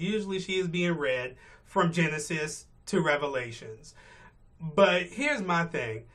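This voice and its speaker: This man's voice is on the high side with a fairly bright tone. He's a vlogger in his car on the morning commute, delivering an exasperated, profane rant with no sugarcoating.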